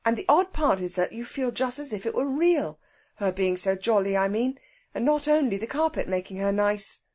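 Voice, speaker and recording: A woman reading a children's storybook, voicing a grumbling schoolboy who speaks low and hushed. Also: animated, moderate pace. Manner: whispering, grumbling.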